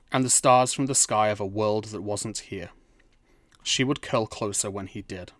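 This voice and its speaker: A man's voice: lowish voice, dry recording. A man reading a fantasy story aloud in a dry, wry storytelling manner. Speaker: narrator. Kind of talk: scripted storybook narration.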